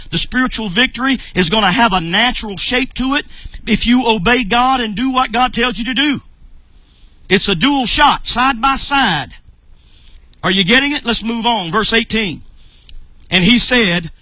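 A man delivers a fervent sermon in a very high, bright, piercing voice. He keeps asking his listeners questions and builds to emphatic shouting. The recording is dry and close. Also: dry recording, low-quality recording. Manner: asks the congregation questions. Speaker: preacher.

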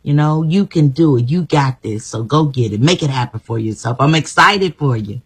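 A woman's voice: rumbling low, expressive, moderate pace, husky, poor audio. A woman guest telling her life story in an emphatic, repetitive, motivational way. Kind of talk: inspirational personal story.

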